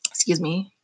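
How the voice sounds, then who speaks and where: A young woman chatting casually on a live stream, reading and answering viewer comments in an animated, talkative way. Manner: chatty, animated, talks back to chat comments. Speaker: vlogger hosting a live chat.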